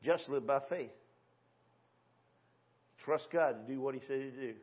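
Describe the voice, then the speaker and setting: A medium-pitched man in his sixties, a pastor, preaches at a measured pace in a church sanctuary, captured with lo-fi sound. He talks to the congregation in a plain, folksy way and keeps posing rhetorical questions.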